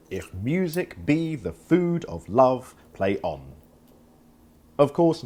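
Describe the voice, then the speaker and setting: A man narrating an educational video in a measured, scripted style, leaning hard on stressed syllables. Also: low-pitched, a little mellow, slightly rough.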